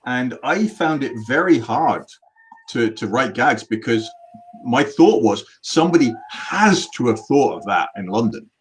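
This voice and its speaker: A man's voice: mid-range voice, expressive, unhurried, slight background noise. A middle-aged man, a magician telling rambling stories in a casual interview chat. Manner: rambling storyteller with many restarts. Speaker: magician guest.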